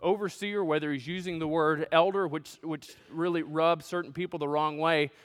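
A man's voice: a little high, fairly even intonation, moderate pace, clear, resonant tone, long reverb tail. A man as pastor, preaching a sermon in a conversational, joking way, in a church sanctuary.

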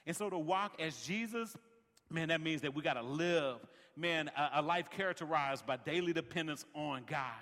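A man's voice: a little high, moderate pace, a bit bright, long reverb tail. A man preaching a sermon as pastor, peppering his lines with "man" and building rhythmic refrains. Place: large worship center.

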